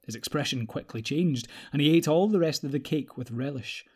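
Steady male audiobook narrator. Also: on the high side, brisk, husky. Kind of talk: scripted narration.

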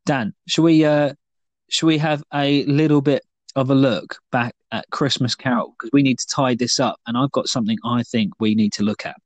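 A male podcast co-host chats casually, rambling playfully and leaning on lots of fillers. His voice sits in a middle pitch, and the recording is dry. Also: fairly even intonation, moderate pace, dry recording. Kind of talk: casual chat.

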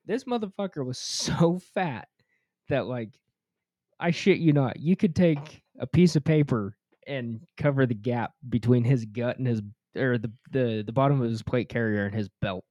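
A man's voice: medium pitch, moderate pace, warm tone, no echo, lo-fi sound. Crude, swearing man telling stories. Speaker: podcast co-host. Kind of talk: casual storytelling chat.

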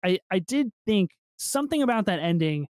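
A man's voice: high-pitched, very animated, brisk, a little mellow, dry recording. A man co-hosting a film podcast, chatting casually and animatedly, swearing and laughing often. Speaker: podcast co-host. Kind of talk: casual film review chat.

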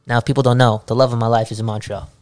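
A man's voice: mid-range voice, level tone, very fast, faint music behind. A man co-hosting a podcast in casual chat, joking and slangy, from Canada. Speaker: podcast co-host.

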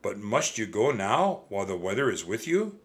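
A man voicing a kindly middle-aged monk who speaks in a measured, gentle, old-fashioned way. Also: lowish voice, big pitch swings.

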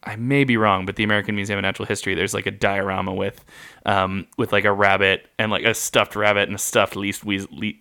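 A man's voice: fairly low pitch, little pitch movement, fast talker, sharp tone, smooth. A man co-hosting a casual podcast, telling facts in a chatty, rambling way with laughs and fillers. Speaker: podcast co-host.

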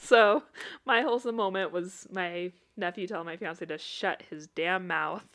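Funny family stories and frequent laughter mark this young woman's casual podcast chat as co-host. She speaks at normal speed in a fairly low voice with a fairly bright tone.

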